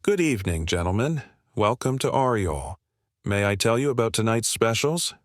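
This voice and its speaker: A man voicing a calm, courteous waiter. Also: lowish voice, normal speed, no echo, studio quality. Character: polite veteran male waiter.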